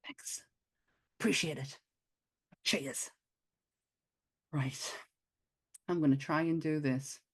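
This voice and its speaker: A woman with a Northern English accent co-hosting a casual podcast, laughing often and rushing through her scripted intro. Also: low voice, husky. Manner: lively, laughs often, reads intros quickly. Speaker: podcast co-host. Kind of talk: casual chat.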